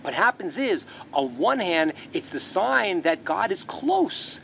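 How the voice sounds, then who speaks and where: A rabbi teaching a religious lesson, telling a parable as an animated storyteller who repeats words as he restarts. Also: high voice, slow pace, gravelly, slight background noise.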